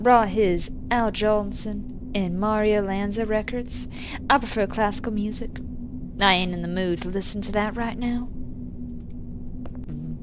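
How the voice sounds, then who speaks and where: A woman streamer playing a game, reading its text aloud slowly and adding dry, wry asides. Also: mid-range voice, dull audio, noisy background.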